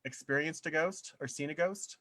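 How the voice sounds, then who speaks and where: Man, host, brisk, reads viewer comments, slightly high voice, dry close sound. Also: bright, forceful tone, dry recording. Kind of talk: hosting a live video chat.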